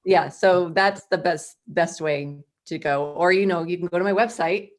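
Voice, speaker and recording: Woman writer guest on a podcast, kinda low voice, chatty, jokes at her own expense and laughs a lot. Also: moderate pace. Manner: chatty, laughs easily, self-deprecating. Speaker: author guest. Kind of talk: casual podcast interview.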